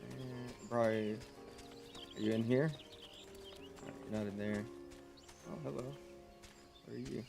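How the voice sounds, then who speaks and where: A man giving casual, soft-spoken commentary while playing a video game. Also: mid-range voice, steady tone, measured pace, vocal fry, pauses often, music in the background. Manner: casual, softly spoken asides. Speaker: gamer.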